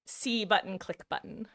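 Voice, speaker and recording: A woman's voice: medium pitch, gravelly, fairly bright tone, no echo. A woman streaming a game live, chatting casually, answering her chat and laughing often. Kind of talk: casual chat while gaming.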